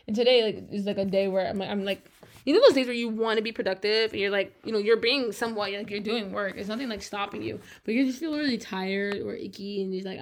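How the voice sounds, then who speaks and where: Young woman, podcast host, solo casual chat, rambling, filler-heavy, mid pitch. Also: darkish tone.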